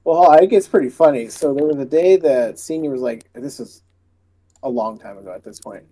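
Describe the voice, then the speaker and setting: Casual podcast co-host, male, warm husky voice, easygoing anecdotes. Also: medium pitch, moderate pace. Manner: relaxed storytelling, laughs easily. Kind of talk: casual chat.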